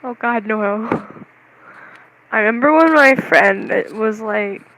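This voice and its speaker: A young vlogger chatting casually to the camera, rambling and excitable, with lots of "like"s and giggles. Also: mid-range voice, slow, dull audio, slight background noise. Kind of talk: casual vlog chat.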